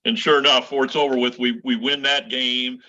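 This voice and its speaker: Man, middle-aged, very bright tone, rambling coach anecdotes, lots of restarts. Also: mid-range voice, level tone, a little fast, lo-fi sound. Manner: rambling, many restarts and fillers. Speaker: college baseball coach, guest. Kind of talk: casual storytelling chat.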